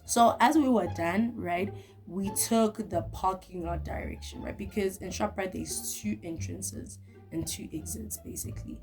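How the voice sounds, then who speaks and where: A young woman telling a story to her viewers in a vlog, lively and talking straight to the camera. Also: medium pitch, a little slow, music in the background. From South Africa. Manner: animated, talks straight to the viewer. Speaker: vlogger.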